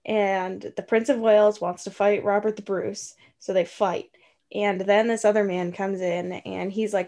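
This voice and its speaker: A woman casually retelling a film plot, tossing in quick offhand voices for the characters. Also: medium pitch, level tone, a little mellow. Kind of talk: casual chat.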